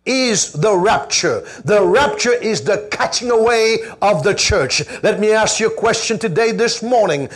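A man's voice: high-pitched, expressive, unhurried, hardly any pauses. A man preaching a fervent sermon, leading the congregation in call-and-response. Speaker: pastor.

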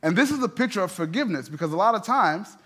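A man's voice: high-pitched, expressive, quick pace, a bit bright, breathy edge. A man, a pastor, preaching a sermon in a conversational way, with emphatic rising peaks and many asides.

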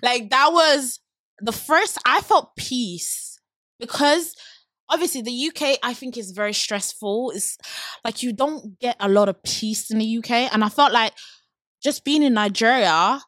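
Podcast host: young London woman, slightly high voice, chatty and animated, close dry sound. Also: unhurried, no echo. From United Kingdom. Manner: chatty, animated storytelling with laughs. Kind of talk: casual chat.

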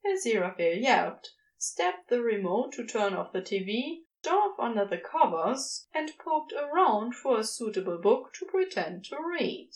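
A woman narrating a story in an expressive reading voice. Her pitch sits a little high and moves about a lot. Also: measured pace, few pauses, low-quality recording. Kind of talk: scripted narration.

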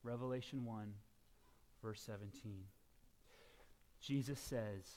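A middle-aged man preaching a sermon as pastor, swinging between quiet asides and loud, emphatic shouts. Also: mid-range voice, expressive, slow pace, gravelly, long pauses.

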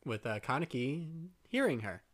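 A man's voice: mid-range voice, sing-song, normal speed. A man co-hosting a casual podcast, chatting wryly and poking fun at himself as a newcomer to the show. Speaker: podcast co-host, first-time viewer. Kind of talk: casual chat.

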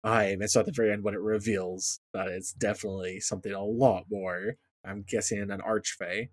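Easygoing low-voiced podcast man. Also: fairly even intonation, brisk, no echo, studio quality. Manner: easygoing, chuckles, thinks aloud. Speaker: podcast co-host. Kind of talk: casual chat about a fantasy show.

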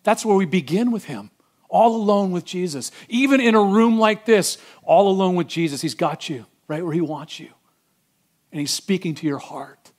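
Middle-aged male pastor, slightly high voice, animated sermon with loud and hushed swings. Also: moderate pace.

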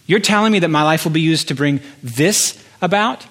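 An impassioned male pastor with a fairly high, slightly bright voice delivers a sermon. He builds each point through rhetorical repetition of phrases, separated by pauses.

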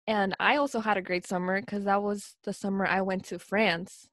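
A woman's voice: medium pitch, flat delivery, moderate pace, a bit bright, no echo, studio quality. A young woman in a casual chat, speaking in an earnest, reflective way.

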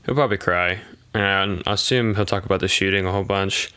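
A man co-hosting a movie podcast keeps dropping wry one-liners into the casual chat. His voice is slightly low, with a bright, sharp ring. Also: clear, resonant tone. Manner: wry, quick quips. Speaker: podcast co-host.

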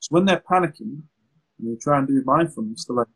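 A man, an anxiety therapist, answering interview questions in a lively, conversational way and acting out exchanges with clients. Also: fairly high pitch, brisk, breathy edge, rough recording. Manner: animated, acts out client exchanges.

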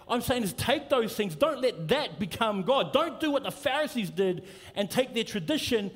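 A man's voice: very high voice, very animated, moderate pace. A middle-aged man preaching a sermon as pastor, in a conversational, anecdotal way with frequent restarts. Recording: long hall reverb from church service.

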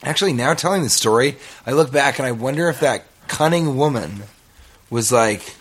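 A man's voice: mid-range voice, animated, normal speed, husky. A man co-hosting a podcast, telling a long story in a rambling, profane, self-mocking way. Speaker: podcast co-host. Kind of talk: casual storytelling chat.

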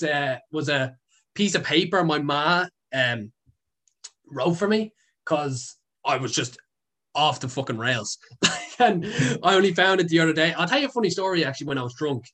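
Appearing as a guest, this young Irish content creator rambles through casual stories full of fillers and swearing. His young adult voice is on the high side, bright and expressive with a forceful tone, at a normal speed.

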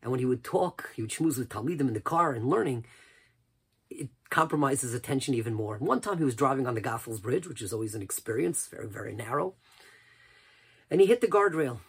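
Male preacher, very breathy husky voice, impassioned sermon that jumps between shouts and hushed asides. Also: mid-range voice, animated, brisk. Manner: impassioned, swings from loud cries to near whispers. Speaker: rabbi.

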